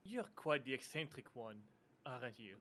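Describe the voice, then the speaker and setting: A man's voice: mid-range voice, sing-song, moderate pace, a bit bright. A man playing a tabletop game who speaks in character in a teasing way. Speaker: player.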